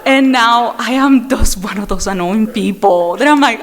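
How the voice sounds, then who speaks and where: A woman's voice: on the high side, moderate pace, few pauses. A woman speaker at a recovery meeting, sharing her own story in a candid, self-mocking way, with frequent fillers and restarts. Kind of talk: personal recovery share at a meeting. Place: meeting room.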